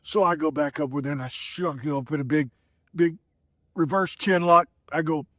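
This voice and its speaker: A man's voice: a little high, moderate pace, a bit bright, no room sound, clean studio sound. A middle-aged man, a former wrestler, telling stories in a casual, rambling way with lots of fillers and restarts. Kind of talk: casual storytelling.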